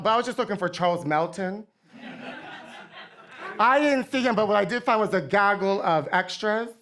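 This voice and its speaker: A comedy guest with a medium-pitched, fairly bright voice does live stand-up in character on a theater stage. She plays a campy, rambling pop diva, brash and vain, who calls everyone honey.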